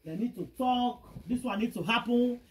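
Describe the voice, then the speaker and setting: A woman with a Nigerian accent telling a gossip story in a casual vlog, animated and exclamatory, mixing Pidgin and English. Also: fairly high pitch, moderate pace, a little hiss or hum. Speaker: gossip vlogger.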